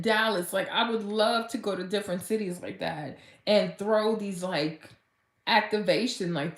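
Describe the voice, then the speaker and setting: A woman fitness vlogger talking casually and gushing with excitement, full of "like" fillers. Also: medium pitch, echoey room. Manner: gushing and chatty, heavy use of "like", and bursts of excitement. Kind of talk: casual motivational vlog talk.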